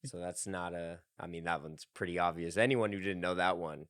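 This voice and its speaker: A man's voice: deep voice, steady tone, fairly quick, a bit bright, no room sound, studio quality. A young man hosting a podcast, rambling casually with lots of laughter. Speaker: podcast host. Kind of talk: casual chat.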